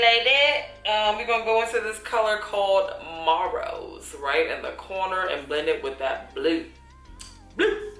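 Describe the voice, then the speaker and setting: Chatty woman with a low, bright voice. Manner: chatty, laughing, folksy slang. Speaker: beauty vlogger. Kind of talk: casual chat while doing makeup. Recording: echoey room with faint music.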